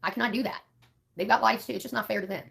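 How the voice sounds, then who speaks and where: A woman's voice: on the high side, fairly even intonation, racing, vocal fry, fairly bright tone. A woman live streaming, chatting casually in a blunt, profane, rambling way.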